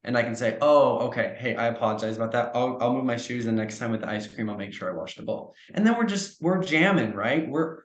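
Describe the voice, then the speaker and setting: A man talks through relationship advice in a podcast chat, earnest and reflective. He slips into short example dialogues to make his point. His voice sits at a middle pitch and rings in an echoey room. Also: fast, hardly any pauses. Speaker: trauma coach, podcast guest. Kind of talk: conversational podcast interview.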